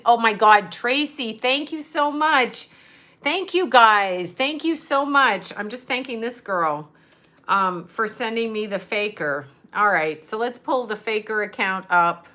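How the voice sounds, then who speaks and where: A woman's voice: mid-range voice, sharp tone. A woman, a psychic medium, chatting casually on a livestream, reading out comments and rambling in an exasperated tone, swearing freely, into a phone mic.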